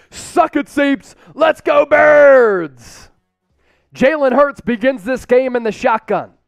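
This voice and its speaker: A man hosting a fan watch-party stream, calling plays and reading out chat shout-outs with hyped cheers. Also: extremely high pitch, dry recording, studio quality.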